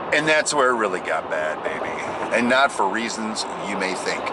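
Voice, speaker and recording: Animated man telling a jokey story. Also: lowish voice, normal speed, noisy background. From United States. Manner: animated, jokey, swings into loud exclaims and mimicked voices. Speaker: vlogger. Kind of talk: casual storytelling vlog.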